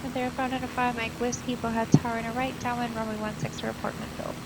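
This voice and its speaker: Woman, air traffic controller, clipped radio phrasing, higher voice, clear hiss behind. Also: level tone, fast. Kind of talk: radio ATC calls.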